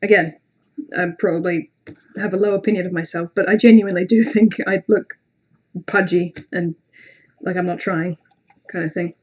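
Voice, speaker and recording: A woman hosts a relaxed livestream and talks straight to her viewers. Her speech rambles, full of fillers and restarts, with casual swearing and self-mocking asides. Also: fairly low pitch, moderate pace, pauses often, breathy edge, muffled recording. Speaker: livestream host.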